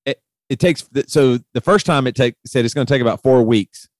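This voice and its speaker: A man's voice: mid-range voice, brisk, no echo. A middle-aged man in casual chat, telling a long story and getting heated as he retells it. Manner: animated retelling, voice rising sharply when heated.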